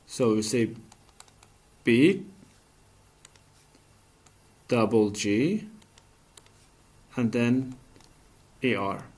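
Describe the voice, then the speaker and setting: Male teacher, patient classroom voice, unhurried, asks and answers his own questions. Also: mid-range voice, darkish tone. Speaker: English teacher. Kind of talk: classroom grammar lesson.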